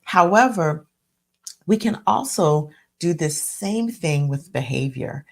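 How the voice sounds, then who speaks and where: Woman host, low-pitched and a bit gravelly, reflective and self-correcting, live solo talk. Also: lively intonation, slow pace. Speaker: coach and podcast host.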